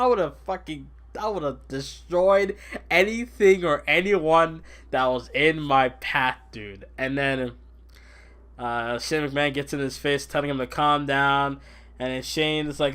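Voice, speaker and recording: A young man hosting a casual podcast, rambling excitably about wrestling and laughing often. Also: on the high side, normal speed. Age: young adult. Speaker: podcast host. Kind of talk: casual wrestling recap chat.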